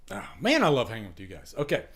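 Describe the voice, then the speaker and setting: A man hosting a casual live stream chat over a webcam, rambling, repeating himself and filling pauses with fillers. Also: mid-range voice, creaky, a bit bright, husky.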